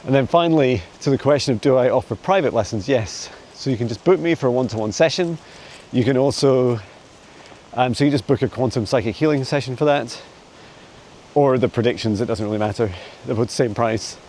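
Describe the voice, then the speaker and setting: A man answering viewer questions as a psychic mentor in a casual vlog. He talks in a meandering, chatty way with frequent soft laughs, recorded on a handheld phone camera while walking a dog in a forest. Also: mid-range voice, brisk, a little hiss or hum, poor audio. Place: forest outdoors.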